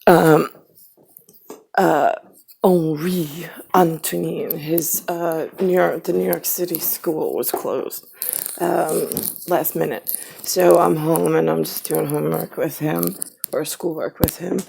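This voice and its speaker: A woman talking in a casual, meandering monologue at home, now and then dropping into hushed, whispery asides. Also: low-pitched, steady tone, slow pace, vocal fry, a little hiss or hum.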